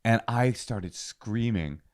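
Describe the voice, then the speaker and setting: A man co-hosting a comedy podcast speaks slowly in a lowish voice. He tells a story in casual chat with animated flair, acting out quotes loudly.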